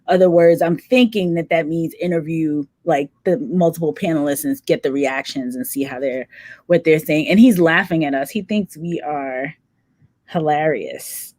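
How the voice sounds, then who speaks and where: A woman's voice: low-pitched, normal speed, darkish tone, no room sound. A woman co-hosting a livestream, reading viewer comments aloud and laughing often in casual chat. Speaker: livestream co-host.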